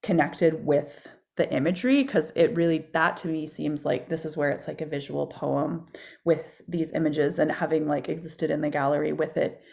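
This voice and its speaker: Low, very gravelly woman. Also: steady tone, moderate pace, a little mellow. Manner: hesitant, many fillers. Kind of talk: casual rambling questions. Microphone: video call.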